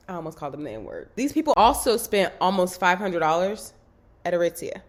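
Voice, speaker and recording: A young woman vlogging, telling a story in a chatty, animated way with lots of fillers. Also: fairly low pitch, moderate pace. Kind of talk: casual storytelling vlog.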